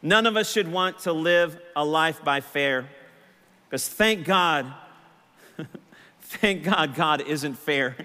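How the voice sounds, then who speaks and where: A man preaching a sermon to his church, impassioned, his voice rising loud and high on key lines. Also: long reverb tail. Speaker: pastor. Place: church sanctuary.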